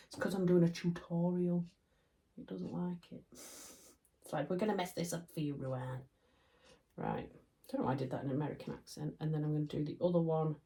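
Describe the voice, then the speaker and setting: A woman's voice: low-pitched, mellow. Chatty Yorkshire woman teaching sewing. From Yorkshire, England. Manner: chatty, self-deprecating, laughs often. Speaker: sewing tutor. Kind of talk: casual sewing tutorial.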